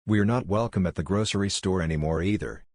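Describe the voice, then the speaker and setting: A man reading a string of jokes aloud in a dry, deadpan way. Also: low voice, fairly quick, over a noisy crowd, heavy background noise. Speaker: joke narrator.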